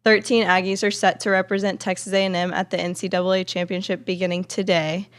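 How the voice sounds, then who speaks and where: A woman's voice: fairly low pitch, little pitch movement, fast, smooth. A woman reading sports news updates on a talk show, with a friendly delivery. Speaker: news segment reporter.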